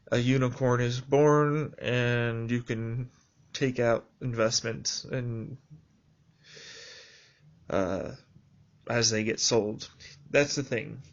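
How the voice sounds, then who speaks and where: A man talking through a reflective personal video journal in a rambling, halting way with many fillers. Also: medium pitch, highs cut off.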